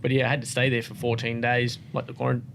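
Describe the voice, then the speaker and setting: An Australian man chats as a podcast guest, spinning long stories in a loose, rambling way. He leans on "like" and "um" as he goes, at an ordinary middle pitch. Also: fast talker, vocal fry, a little hiss or hum. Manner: relaxed, rambling, many "like" and "um" fillers. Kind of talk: casual interview storytelling.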